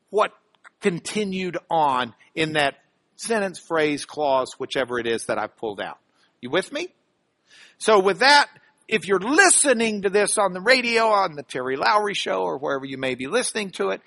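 A man teaching scripture for a radio broadcast, dramatic with sudden loud emphasis and chatty asides asking if listeners follow. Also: sits high, no room sound. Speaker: Bible teacher.

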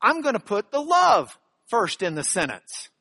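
A man's voice: high voice, huge pitch swings, a little slow, bright, forceful tone. A man giving a live teaching talk to an audience, explaining step by step and checking in with rhetorical questions. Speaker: bible teacher.

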